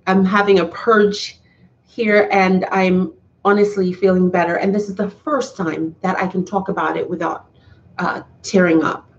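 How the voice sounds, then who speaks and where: A woman's voice: mid-range voice, level tone, a little slow. A woman talking to her viewers in a casual live stream, heartfelt and earnest, often restarting her sentences. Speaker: YouTuber talking to live chat. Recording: slightly dull, lo-fi sound.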